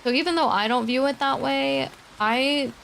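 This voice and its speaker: A woman streamer chatting casually and quietly with her viewers at her desk mic, laughing often and swearing now and then. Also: high voice, normal speed, gravelly, slight background noise. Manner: soft-spoken, talking quietly. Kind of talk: casual livestream chat. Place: home streaming setup.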